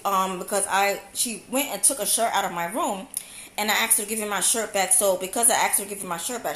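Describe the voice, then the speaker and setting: A young woman telling a personal story in an animated, slangy way, repeating phrases for effect. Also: mid-range voice, reverberant, slight background noise. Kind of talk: storytime vlog.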